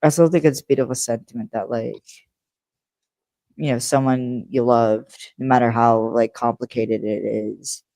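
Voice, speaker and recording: A woman's voice: a bass voice, steady tone, moderate pace, mellow, no room sound. A woman co-hosting a podcast in casual chat, rambling with lots of fillers and laughing easily. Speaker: podcast co-host.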